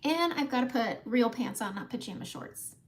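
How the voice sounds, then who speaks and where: A woman's voice: fairly high pitch, animated, moderate pace. A middle-aged woman hosting a casual live makeup tutorial from home, chatting with viewers by name and laughing often. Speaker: makeup livestream host.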